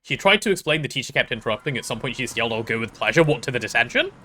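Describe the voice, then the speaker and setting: A man's voice: mid-range voice, big pitch swings, rapid-fire, sharp tone, a little hiss or hum. A young man chatting casually while streaming a game, rambling and playful with self-deprecating stories. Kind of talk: casual gaming stream chat.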